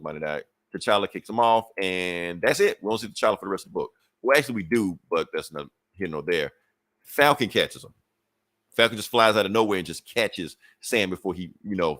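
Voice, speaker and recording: A man's voice: deep voice, fairly bright tone, no echo. A man co-hosting a podcast, casually retelling a comic book story and acting out the characters' lines with cursing. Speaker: podcast co-host.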